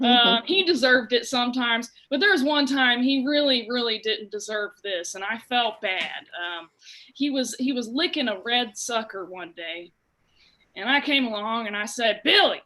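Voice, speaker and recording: A young woman from Ohio performing a stand-up set, telling childhood stories with animated impressions. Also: a little high, moderate pace, low-quality recording. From Dayton, Ohio. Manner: animated storytelling with shouted impressions and a sung bit. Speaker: stand-up comedian.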